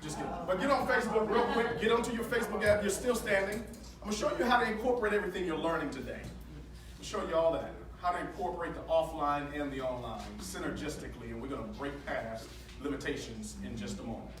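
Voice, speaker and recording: A man giving an energetic, preacher-like motivational talk at a sales training, leading call-and-response and joking with the audience. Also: a little high, fast. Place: large hall with a live audience. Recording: echoey hall with crowd noise, from far off.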